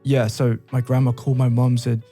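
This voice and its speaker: A man's voice: medium pitch, flat delivery, brisk, warm tone, faint music behind. A British man from England co-hosting a podcast, telling stories in casual chat with frequent laughter and asides. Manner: laughs often, storytelling with asides. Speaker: podcast co-host.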